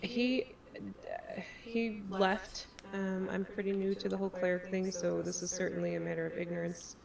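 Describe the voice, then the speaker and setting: A woman's voice: lowish voice, monotone, quick pace, vocal fry. A woman player in a tabletop game, speaking hesitantly with many fillers. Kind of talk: casual tabletop game talk. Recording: distant mic with crowd noise.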